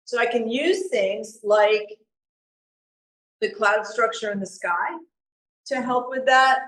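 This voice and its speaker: A woman's voice: fairly high pitch, slow pace, a bit bright. A woman talks a live audience through her painting in a loose, chatty way, stopping to think aloud as she goes. She sits well back from the microphone, so her voice comes across thin and a little faint. The room around her rings with a strong echo. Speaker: painting demonstrator. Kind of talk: live art demonstration talk. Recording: echoey room recorded from far off.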